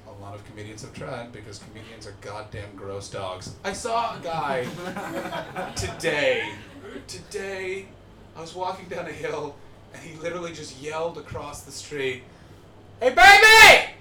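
A man hosting a live comedy podcast in front of an audience, ranting and swearing, swinging from muttered asides to shouting. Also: a little high, noisy background. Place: live show venue with audience. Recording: echoey live venue.

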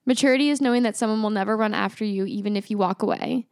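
A woman's voice: medium pitch, very fast, darkish tone, clean tone, dry recording, clean studio sound. A woman in casual podcast chat, reading answers aloud and commenting, laughing often.

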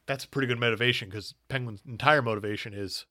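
A man's voice: medium pitch, fast, bright, forceful tone. A man co-hosting a podcast, recapping a movie in casual, jokey chat and arguing points with laughs. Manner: jokey, argumentative, laughs often. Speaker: podcast co-host.

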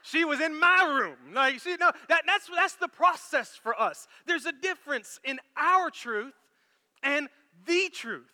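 A man preaching a sermon as pastor, animated and storytelling, acting out quoted lines. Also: very high-pitched, unhurried, long reverb tail.

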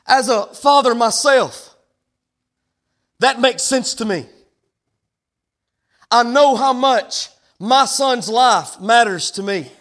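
Man, pastor, sermon, very high voice, emphatic preaching. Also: slow pace, pauses often, fairly bright tone. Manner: preaching with rising, emphatic declarations.

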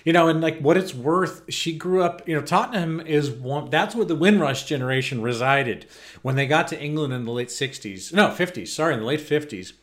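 A man's voice: fairly high pitch, fairly quick. A man co-hosting a podcast in casual chat, talking in long, digressive stretches full of restarts. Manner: rambling, digressive with many restarts. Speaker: podcast co-host.

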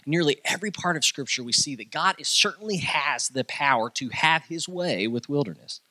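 A man preaching a sermon, telling a story with quoted voices and dropping low and soft for emphasis. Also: expressive, brisk, no echo. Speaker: pastor.

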